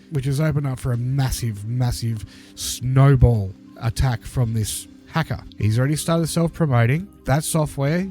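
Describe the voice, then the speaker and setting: A man's voice: medium pitch, mellow. A man giving critical commentary over a video clip, lecturing and emphatic, repeating his points.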